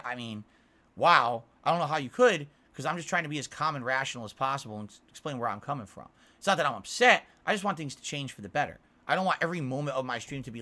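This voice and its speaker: A man's voice: a little high, sharp tone. A man streaming live, giving his chat an earnest, defensive lecture, and often checking in with "all right?". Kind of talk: livestream rant to chat.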